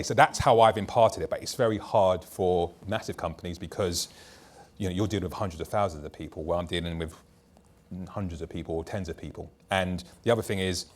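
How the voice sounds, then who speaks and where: A man who founded a startup, speaking bluntly and telling stories from his own work on a conference panel. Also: low voice. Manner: blunt, anecdotal, talks in long loose runs. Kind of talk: candid panel discussion.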